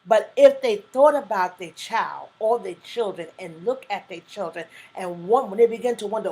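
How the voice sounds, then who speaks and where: A woman's voice: medium pitch, expressive, normal speed, hardly any pauses, a little mellow, slightly rough, rough recording. A woman hosting a live talk stream, chatting casually and reading viewer comments aloud with emphatic, preacher-like asides. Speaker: livestream talk show host.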